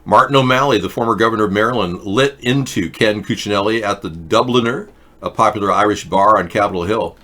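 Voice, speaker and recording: A man's voice: fairly low pitch, brisk, sharp tone. A man hosting a political talk show, reading news headlines aloud and mocking them with sarcastic asides. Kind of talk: casual political commentary.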